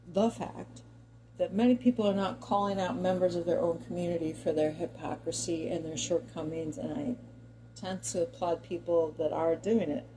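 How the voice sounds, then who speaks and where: Middle-aged american woman ranting to camera, mellow low-key tone, wanders off topic, little bit of room hum behind her. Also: rough recording. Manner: chatty and digressive, talks directly to viewers. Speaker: commentary vlogger. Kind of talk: opinion monologue to camera.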